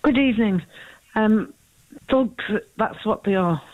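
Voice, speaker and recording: A woman's voice: mid-range voice, slow pace, narrow, tinny audio. A woman calling a radio phone-in who is losing her voice and talks in a rambling way with many fillers. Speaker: caller.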